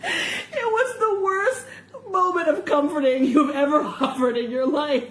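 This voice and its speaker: A woman on a casual podcast chat, telling a story in an animated way, often laughing. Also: high voice, a little slow. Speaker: podcast co-host. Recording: echoey room, faint background noise.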